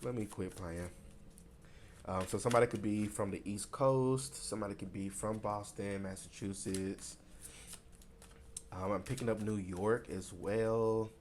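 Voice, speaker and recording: A man's voice: lowish voice, a little hiss or hum. A man from Tennessee, giving a casual, rambling tarot card reading. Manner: rambling and conversational, many fillers. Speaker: tarot reader.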